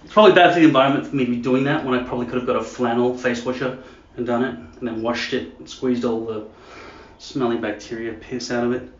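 Man, casual vlog, crude joking ramble, mid pitch, echoey room. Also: fairly even intonation, fast talker, a little hiss or hum. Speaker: vlogger. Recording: echoey dull room sound.

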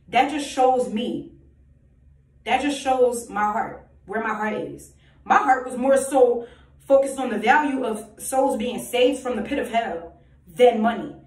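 A woman's voice: on the high side, measured pace, darkish tone. A woman giving an emphatic, preachy personal monologue full of rhetorical questions and repetition. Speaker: self-styled prophetic vlogger. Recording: echoey room, voice far from mic.

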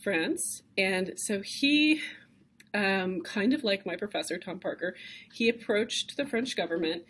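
A woman's voice: medium pitch, a little slow, a bit bright, breathy edge. A woman lecturing a class on cave art, speaking conversationally and enthusiastically with frequent fillers and restarts.

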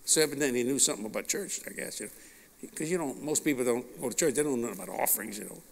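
A male preacher telling a personal story in a folksy, animated sermon style. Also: mid-range voice, rapid-fire, gravelly. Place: large meeting hall. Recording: long reverb of a large hall.

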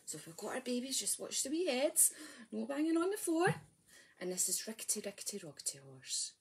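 A woman's voice: fairly high pitch, sing-song, brisk, husky. A Scottish woman leading a library rhyme time for babies and toddlers. She talks in a sing-song, exclamatory way, coaxing the parents and little ones, and reads a storybook aloud. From Scotland. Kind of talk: baby and toddler rhyme session with a storybook reading.

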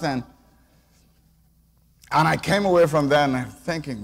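A man's voice: fairly high pitch, measured pace, long pauses. A middle-aged man preaching a conversational sermon in church, often calling for the congregation's response. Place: church sanctuary. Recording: long church reverb.

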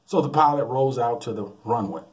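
A man preaching in a lively storytelling way, chuckling between his lines. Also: medium pitch, a little fast. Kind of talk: sermon with a humorous anecdote.

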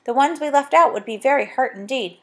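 A woman's voice: high-pitched, brisk, pitched above the performer's own voice. A woman reading a storybook, voicing an eager, reasonable little girl. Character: excited little girl planning a party.

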